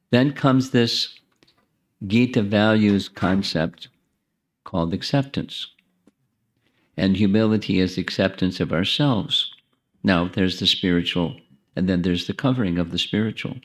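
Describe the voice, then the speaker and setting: Deep-voiced man giving a spiritual talk. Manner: conversational, warm asides to the audience; repeats and restarts phrases while thinking. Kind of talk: informal spiritual lecture.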